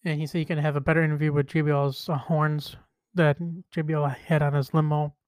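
Podcast dude rambling about wrestling, kinda high voice, super dry close mic. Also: male voice, little pitch movement, a little fast, clear, resonant tone, no room sound. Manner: rambling, restarts and retells quotes. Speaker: podcast host. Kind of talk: casual wrestling chat.

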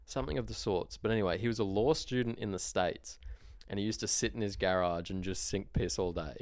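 A man's voice: fairly low pitch, a little fast, darkish tone, dry recording, clean studio sound. A young man with an Australian accent, co-hosting a casual chat, rambling and laughing at his own stories. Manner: laughs often, rambling and self-mocking. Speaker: podcast co-host.

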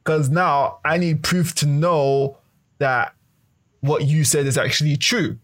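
A man's voice: on the high side, slow. A man in casual chat, talking through a hypothetical with lots of swearing and restarts. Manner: animated, swearing, rambling hypotheticals.

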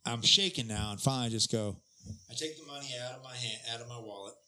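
A man's voice: mid-range voice, quick pace, sharp tone. A man in casual chat who laughs often and acts out the people he quotes.

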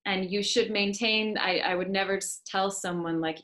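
A woman's voice: medium pitch, flat delivery, moderate pace, few pauses, a bit bright. A woman working as an accent coach, explaining her views firmly in a podcast conversation. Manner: firm, opinionated explanations.

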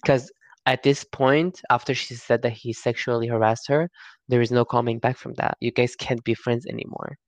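A man's voice: mid-range voice, fairly even intonation, moderate pace, no room sound. A man co-hosting a casual gossip commentary, chatty and profane with sassy slang.

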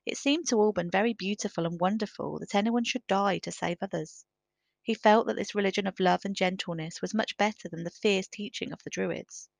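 Woman narrator, storybook reading, gravelly low voice, dry close sound. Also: dry recording. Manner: measured, careful reading.

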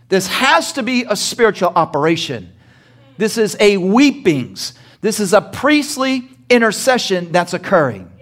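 A man's voice: sits high, a bit bright. A male pastor preaching a sermon, asking the congregation rhetorical questions and acting out short dialogue scenes with humor.

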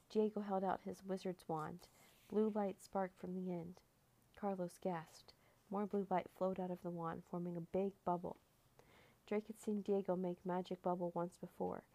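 A woman's voice: fairly low pitch, creaky, dark tone. A woman reading a children's chapter book aloud as narrator, giving the characters slight lifts in her own voice. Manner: reads all characters in a near-natural voice with small lifts.

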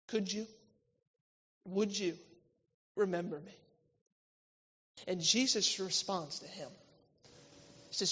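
A man preaching a church sermon, swinging between loud, emphatic lines and quiet, intimate ones. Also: high-pitched, measured pace, pauses often. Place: church hall. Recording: reverberant hall, slightly dull sound.

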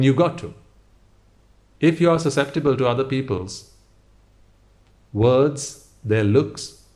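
A man's voice: mid-range voice, darkish tone. A man giving a motivational talk, speaking straight to the listener with a stream of rhetorical questions.

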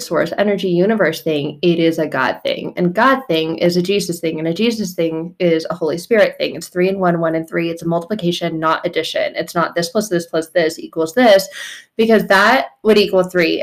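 A woman hosting a faith podcast, talking casually and bluntly, swearing freely and laughing often. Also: lowish voice. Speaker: podcast host.

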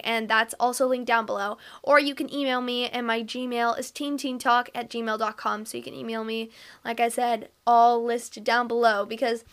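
A woman's voice: fairly high pitch, a bit bright, clean tone. A young woman hosting a casual podcast, chatty and a little self-conscious, with lots of fillers. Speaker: podcast host.

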